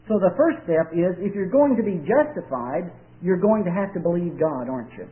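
A man preaching a sermon, telling folksy stories and drawing out key words with emphatic pauses. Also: high voice, animated. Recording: tinny old radio broadcast.

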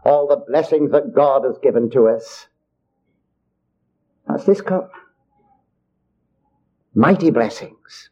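A man's voice: mid-range voice, expressive, slow pace, pauses often. An older man preaching a sermon in an earnest, repetitive way, often calling his hearers child of God. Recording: dull lo-fi recording.

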